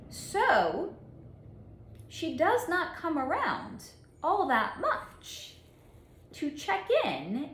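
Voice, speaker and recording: A woman psychic reader telling a story in a monologue, with deliberate dramatic pauses and frequent laughs. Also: a little high. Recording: echoey room.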